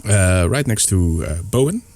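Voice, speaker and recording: A man's voice: deep voice, animated, moderate pace, darkish tone, no room sound. A man acting as game master, chatting loosely and joking with his players. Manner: joking, filler-heavy. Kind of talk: casual chat and game narration.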